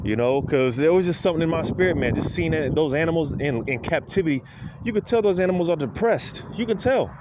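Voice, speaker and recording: A man's voice: fairly high pitch, expressive, fast. Weary man preaching over street noise. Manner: repetitive, fills with "man" and "you know"; weary, grievance-filled tone. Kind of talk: informal preaching monologue.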